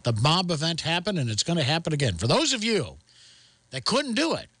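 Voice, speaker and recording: A man's voice: a little high, brisk, dry recording. A man hosting a radio talk show, bantering and joking with theatrical outbursts. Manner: excitable, jokey, theatrical outbursts.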